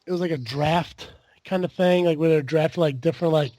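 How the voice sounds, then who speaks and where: A man's voice: fairly high pitch, a little fast, warm tone, a little hiss or hum. A man hosting a podcast in casual chat, rambling with lots of fillers and the odd swear. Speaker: podcast host.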